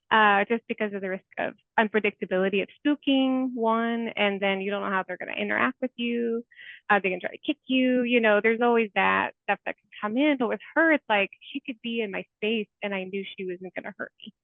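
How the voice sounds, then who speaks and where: A woman therapist in her forties, appearing as an interview guest, tells stories earnestly and from the heart, using "like" a lot. Her mid-range voice is creaky, with no echo, over tinny, phone-like remote call audio.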